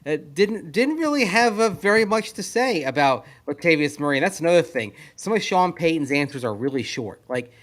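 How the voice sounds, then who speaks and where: A man's voice: a little high, sing-song, brisk, hardly any pauses, a bit bright. A man co-hosting a sports radio show, talking through football analysis in a skeptical, analytical way. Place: at a league meeting venue.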